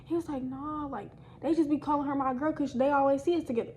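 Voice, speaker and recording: High-voiced young woman telling a story. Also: fast talker, slight background noise, rough recording. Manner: animated, slangy, addresses viewers as y'all. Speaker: storytime vlogger. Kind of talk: casual storytime.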